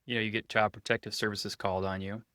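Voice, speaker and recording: A man's voice: fairly low pitch, flat delivery, quick pace, sharp tone, no room sound, studio quality. A man co-hosting a podcast, adding short remarks over a video call. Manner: brief agreeing interjections. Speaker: podcast co-host. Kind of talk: casual chat.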